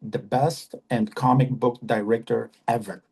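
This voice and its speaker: A man from Afghanistan in his fifties speaks as a podcast guest, earnest and halting, often restarting and repeating himself. His voice is low in brightness and gravelly, with a husky edge. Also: fairly even intonation. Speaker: actor guest. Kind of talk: podcast interview.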